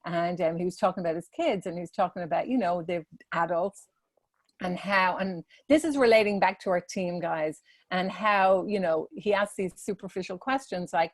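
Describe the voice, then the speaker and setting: A woman's voice: medium pitch, moderate pace, dry recording. A woman who runs salons, giving a casual, earnest talk to salon leaders with many fillers. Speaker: salon business leader presenting a webinar.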